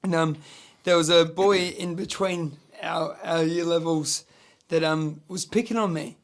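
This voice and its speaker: A young Australian man telling a childhood story in casual podcast chat, halting with lots of fillers. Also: a little high, steady tone. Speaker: podcast co-host.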